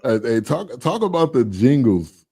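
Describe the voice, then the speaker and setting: A man co-hosting a casual review podcast, relaxed and quick to joke. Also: mid-range voice. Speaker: podcast co-host. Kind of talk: casual chat.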